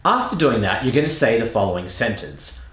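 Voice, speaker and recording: Australian male accent coach, patient and emphatic, very lively intonation, echoey room. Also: mid-range voice, a little fast. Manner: patient, emphatic, drawing out key words. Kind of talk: instructional lesson with spoken demonstrations.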